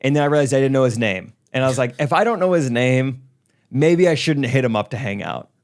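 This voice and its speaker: A man's voice: medium pitch, expressive, fairly quick. A young man co-hosting a podcast, making dry joking asides and teasing in casual chat. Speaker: podcast co-host.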